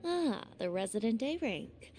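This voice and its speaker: A woman voicing a composed young student council president in a game, calm with a teasing edge. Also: fairly high pitch, measured pace. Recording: game audio with faint music.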